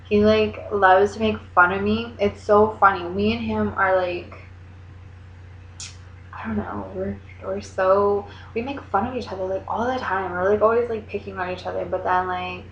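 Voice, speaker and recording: A young woman chatting casually to her camera, rambling along with lots of "like" and quick asides. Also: medium pitch, steady tone, slight background noise. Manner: chatty, rambling, heavy use of "like". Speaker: vlogger. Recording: echoey room, dull lo-fi sound.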